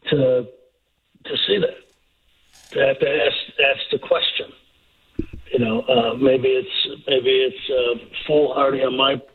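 A man's voice: mid-range voice, slightly rough. Older man on a tinny phone line. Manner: halting, repeats words, old-fashioned. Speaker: guest. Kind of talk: sports radio call-in chat.

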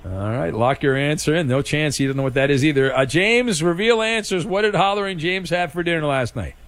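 A man's voice: fairly high pitch, brisk, a bit bright, no room sound. A man hosting a radio talk show, teasing and joking with his callers and crew.

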